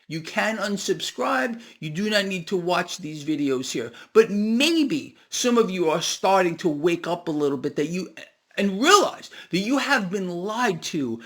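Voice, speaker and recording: A man's voice: sits high, fairly bright tone. A man hosting a solo market commentary video, ranting sarcastically and firing rhetorical questions at his viewers.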